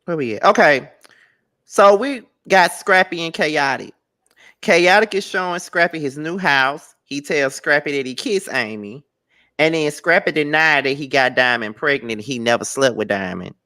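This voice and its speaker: Animated host recapping reality TV. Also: moderate pace. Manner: animated, swings from low recap to high squeals. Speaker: podcast co-host. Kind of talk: casual recap chat.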